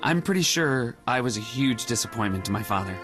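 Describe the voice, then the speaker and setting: A man's voice: mid-range voice, animated, brisk, over music, natural voice. An actor playing an anxious, earnest male superhero team leader who rambles as he talks.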